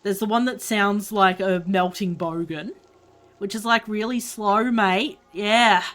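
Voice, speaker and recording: A woman's voice: mid-range voice, steady tone, unhurried, fairly bright tone, faint music behind. A woman from Australia with an Australian accent, chatting bluntly and swearing freely while she streams a game. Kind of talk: casual chat while gaming.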